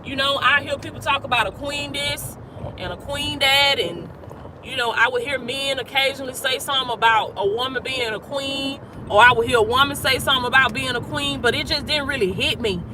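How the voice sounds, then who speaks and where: Emphatic high-voiced woman coaching outdoors. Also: fairly quick, noisy background. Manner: emphatic, repetitive preaching cadence. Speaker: life coach. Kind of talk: motivational talk.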